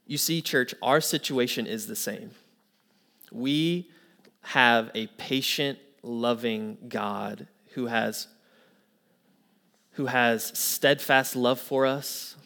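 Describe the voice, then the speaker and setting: A man's voice: medium pitch, fairly bright tone. A man preaching a sermon to his church, telling an anecdote and then pressing home his point earnestly. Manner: storytelling with quoted voices, then earnest preaching. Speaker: pastor.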